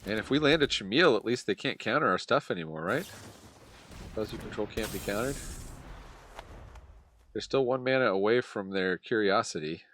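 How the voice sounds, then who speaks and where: Man, lowish voice, casual card-game play-by-play, desk mic with faint noise. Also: lively intonation, moderate pace, pauses often, fairly bright tone. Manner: chatty, muttering play-by-play with sighs and laughs. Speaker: gameplay commentator.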